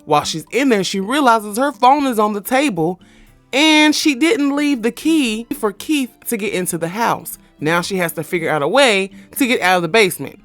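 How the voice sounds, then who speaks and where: A woman retelling a horror film plot in a casual, animated, slangy and profane way, dropping into quick character voices. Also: mid-range voice, soft background music. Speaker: movie review vlogger. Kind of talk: casual movie recap.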